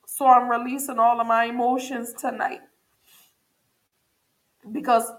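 A woman with a slightly higher voice speaks to her viewers in a raw, earnest personal check-in. She is grieving and emotionally open, and she circles back to the same phrases for emphasis. The talk sounds like unscripted personal confession. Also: little pitch movement, measured pace, pauses often. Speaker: vlogger.

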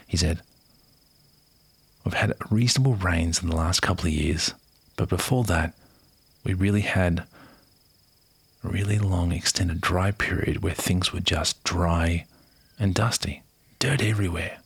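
A man casually reading a news article aloud in a soft, unhurried voice, often half-whispering and chatting in between. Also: sits low, breathy edge, no echo. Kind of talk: casual read-aloud with asides.

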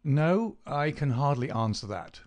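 A man doing a precise, measured detective. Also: medium pitch, expressive, darkish tone, voice pushed up, natural voice. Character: sharp, reserved male detective. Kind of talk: audiobook character voice.

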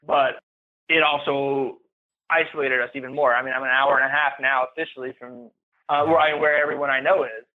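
A man as a podcast guest giving a candid, halting, emotional personal account. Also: medium pitch, steady tone. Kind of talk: personal account of domestic abuse. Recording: tinny phone-like line.

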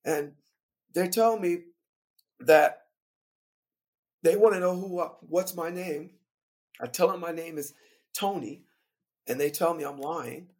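A man who plays in a band, telling a story from the road as a guest on a podcast, lively and laughing as he recounts it. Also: fairly high pitch, a little slow, long pauses. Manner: animated, vivid retelling with laughter. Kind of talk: casual storytelling.

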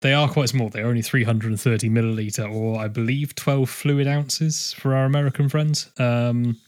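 A man hosting a podcast, chatting casually in a rambling, lively way. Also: medium pitch, normal speed. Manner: rambling, animated, laughs often. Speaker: podcast host. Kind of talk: casual chat.

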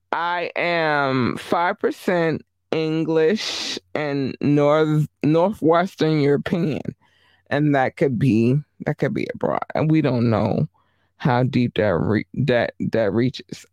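A man giving a casual vlog monologue, animated and emphatic, often repeating himself. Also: a little high, slow, no room sound, studio quality.

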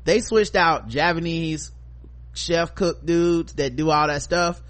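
A middle-aged man co-hosting a podcast, chatting casually and reading listener feedback, acting out stories with loud profane quotes. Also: on the high side, slow. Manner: animated storyteller, profane, acts out quotes loudly. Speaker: podcast co-host.

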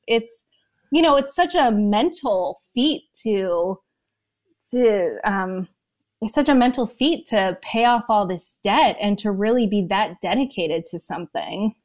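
A woman's voice: medium pitch, animated. A woman in her thirties telling her story as an interview guest, emotional and close to tears. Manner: emotional, talks in quick bursts. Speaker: podcast guest.

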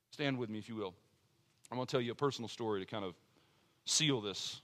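A middle-aged man preaches as pastor, his mid-range voice earnest and fast, broken by long pauses. He shifts between soft, personal remarks and strongly emphasized points.

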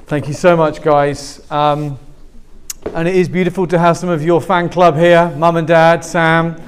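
A man's voice: a little high, level tone, measured pace, a little hiss or hum. A man with an English accent, preaching a sermon to a live congregation and joking with them as he goes. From England. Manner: warm, joking, talks with the congregation. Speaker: pastor. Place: church hall with a live congregation.

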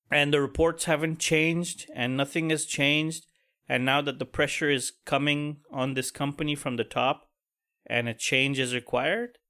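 A man's voice: mid-range voice, fairly bright tone. A man hosting a solo podcast, venting about work in an angry, profane, pessimistic way. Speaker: podcast host. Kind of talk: casual solo podcast rant.

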